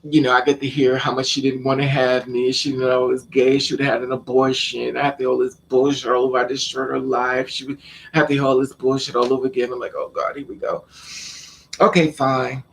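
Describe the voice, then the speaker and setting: A man tells a personal story straight to the camera, blunt and full of swearing, quoting what everyone said. His voice is gravelly at a middle pitch. There is faint noise behind him. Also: flat delivery, brisk, a bit bright. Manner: blunt, profane, quotes people in conversation. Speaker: vlogger. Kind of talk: casual storytelling monologue.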